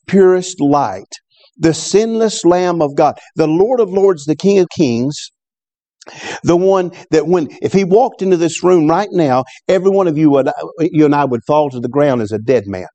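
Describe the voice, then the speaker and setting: A man preaching a sermon as a pastor, fervent and repetitive, often rising sharply in pitch when he stresses a point. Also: normal speed, mellow, no room sound. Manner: fervent, repeats words, rises in pitch on exclamations. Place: church service.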